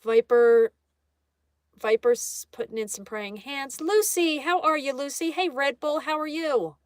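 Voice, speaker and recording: A woman's voice: high voice, measured pace, no echo, clean studio sound. A woman hosting a live art stream in a casual way, reading viewer comments aloud and greeting each viewer. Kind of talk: casual live-stream chat while drawing.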